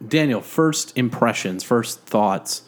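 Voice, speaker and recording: A man's voice: mid-range voice, animated, slow. A man co-hosting a casual podcast from his living room, joking about himself and rambling with lots of fillers. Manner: self-deprecating, jokey, rambling with many fillers. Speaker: podcast co-host.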